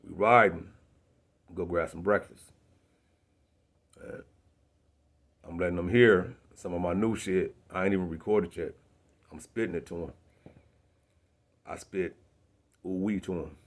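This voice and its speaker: A man's voice: low-pitched, fairly even intonation, measured pace, long pauses. A young man, a rapper, telling a casual story in street slang, often asking "you know what I'm saying". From South Bend, Indiana.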